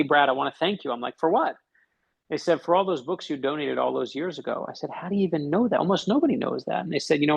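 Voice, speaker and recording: A man's voice: medium pitch, creaky, low-quality recording. A middle-aged man, a podcast guest and author, telling a personal story in conversation and acting out the dialogue.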